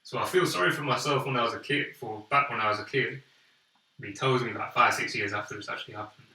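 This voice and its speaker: Bright-voiced young man telling a story. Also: mid-range voice, fast, distant mic. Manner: animated storyteller, acts out quoted voices. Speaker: podcast co-host. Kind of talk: casual storytelling chat. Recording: echoey room, off-mic.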